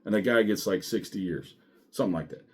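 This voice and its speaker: A middle-aged man, a former sheriff's deputy, telling his story in a blunt, profane and animated way. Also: lowish voice, quick pace, a little hiss or hum. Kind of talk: casual storytelling monologue.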